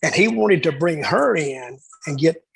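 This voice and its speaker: Speaking a little slowly, the guest storyteller has an expressive voice on the high side, creaky and a bit bright with a breathy edge. He rambles through backstage anecdotes in a casual interview, voicing the dialogue of those involved, on a low-quality recording.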